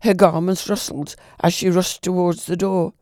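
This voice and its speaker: A man reading a classic novel aloud at an unhurried pace, stumbling and restarting now and then. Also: high voice, little pitch movement, a little mellow, no echo, clean studio sound. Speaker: reader.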